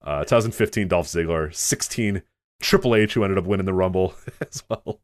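Podcast co-host, male, deep-ish voice, rapid-fire and profane, dry close mic. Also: no echo. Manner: rapid, laughing, profane rundown of wrestling history. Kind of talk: casual chat.

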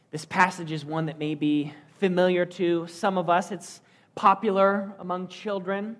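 A man's voice: high-pitched, steady tone, moderate pace, fairly bright tone. Earnest male pastor preaching. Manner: earnest, storytelling delivery with rhetorical questions. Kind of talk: sermon.

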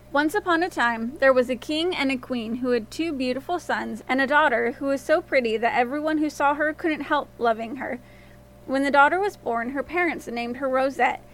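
A woman storyteller narrating a fairy tale in a gentle, expressive reading voice. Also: sits high.

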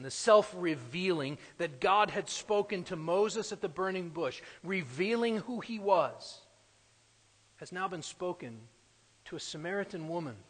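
A male preacher with a somewhat raised voice delivers a sermon in a big, echoing space. His delivery is emphatic, climbing to loud declarations and then dropping to hushed asides. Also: fairly high pitch, slightly rough.

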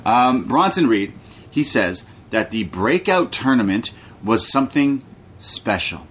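Medium-pitched and very animated, this young man talks unhurriedly with a little hiss or hum in the audio. As a podcast co-host, he casually goes over wrestling, jokey and profane, and does impressions of people.

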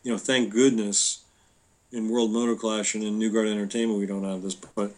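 A man's voice: fairly low pitch, flat delivery, normal speed. An older man, a guest entrepreneur, talking casually in a podcast interview, telling anecdotes and quoting people with a chuckle. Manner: storytelling, quoting others, chuckling.

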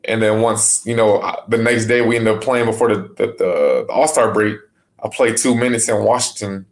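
Man, podcast guest, deep gravelly voice, monotone, laid-back, lots of fillers. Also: moderate pace. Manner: relaxed, many fillers and restarts. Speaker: basketball player guest. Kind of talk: casual podcast interview.

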